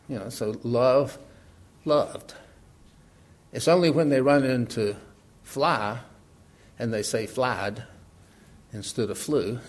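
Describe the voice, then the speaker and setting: A middle-aged man preaching in a relaxed, conversational way, laughing often and asking rhetorical questions. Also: medium pitch. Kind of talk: sermon.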